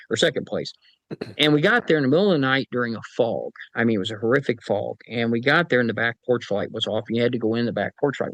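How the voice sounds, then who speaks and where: Guy spinning stories on a podcast, middle pitch, dead dry sound, chuckles into it and does little voices. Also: a bit bright, no room sound, rough recording. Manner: folksy anecdotes, acts out voices in quotes, chuckles. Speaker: paranormal team chief, podcast guest. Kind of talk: casual storytelling interview.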